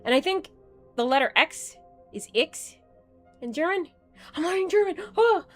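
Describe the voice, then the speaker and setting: A woman's voice: extremely high pitch, expressive, normal speed, soft background music. A young woman streaming a game, chatting casually and rambling with playful asides. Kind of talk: casual gaming stream chat.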